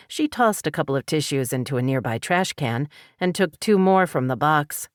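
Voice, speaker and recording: This is scripted audiobook narration of a novel by a deep-voiced woman. She keeps an even, measured storytelling manner, and the recording is dry and clean, like a studio.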